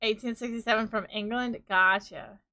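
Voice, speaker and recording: Bright-voiced chatty woman with a New York accent. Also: fairly high pitch, lively intonation, normal speed. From New York, USA. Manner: chatty, rambling, laughs often, riffs in playful quoted voices. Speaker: streamer. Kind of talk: casual live-stream chat with viewers.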